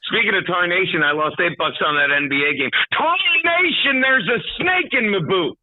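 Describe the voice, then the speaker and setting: Older man doing a yeehawing cartoon cowboy, high drawl, slow, tinny phone line. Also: big pitch swings. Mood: hollering. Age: 60s. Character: hollering cartoon cowboy from the Adirondacks, folksy male.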